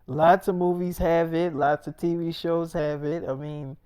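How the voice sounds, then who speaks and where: A man's voice: on the high side, steady tone, measured pace, darkish tone, clean tone. A man telling a loose, rambling freestyle story, casual and repetitive, full of slang and cursing.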